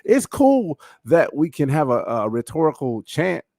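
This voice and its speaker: A man's voice: fairly high pitch, very animated, a little slow, vocal fry, dark tone, no room sound, clean studio sound. A man co-hosting a podcast in casual chat, talking with animation, swearing often and using lots of fillers and restarts. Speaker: podcast co-host.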